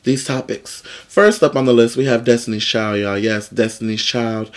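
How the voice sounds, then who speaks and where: A man's voice: mid-range voice, steady tone, normal speed, hardly any pauses. A man hosting his own vlog, talking through celebrity gossip in a chatty, sassy, playful way. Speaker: vlog host. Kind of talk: casual gossip commentary.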